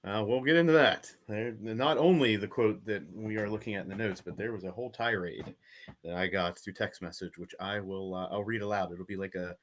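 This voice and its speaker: A man's voice: on the low side, a little fast, a little hiss or hum. A man co-hosting a sports podcast, recapping games in casual chat with an announcer-like lilt. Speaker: podcast co-host.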